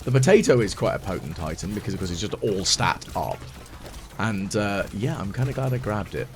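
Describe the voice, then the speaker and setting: A man's voice: on the low side, animated, a little fast, a little hiss or hum. A man giving chatty ASMR gaming commentary as a let's play host, thinking aloud and mocking his own mistakes. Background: game music.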